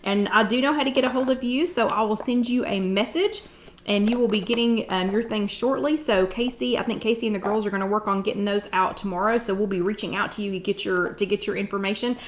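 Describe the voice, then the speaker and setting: A middle-aged woman, hosting a live-stream chat at home in a bubbly, excited way. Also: medium pitch, a little hiss or hum. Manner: bubbly and excited, drawn-out exclamations. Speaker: host.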